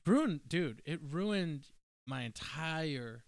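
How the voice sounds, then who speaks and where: A man in casual chat, speaking earnestly and haltingly, often starting over with "I mean" and "you know.". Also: on the high side, expressive, dry recording.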